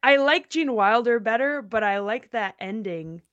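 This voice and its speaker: A woman co-hosting a casual film discussion podcast, chatty and quick to laugh, with lots of "like". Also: on the high side, animated, a bit bright, dry recording, highs cut off. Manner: chatty, laughing, uses "like" a lot. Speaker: podcast co-host.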